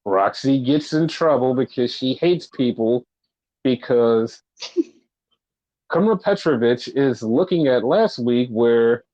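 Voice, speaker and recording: A man co-hosting a podcast casually recaps wrestling shows, breaking into sweary rants when something annoys him. His voice is mid-range and a little mellow, captured in a dull, lo-fi, dry recording.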